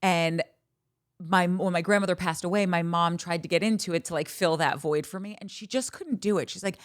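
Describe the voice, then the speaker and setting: A woman's voice: fairly low pitch, quick pace, a bit bright, no echo, studio quality. A woman in her thirties hosting a podcast in casual chat, candid, bawdy and gushing as she talks. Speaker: podcast host.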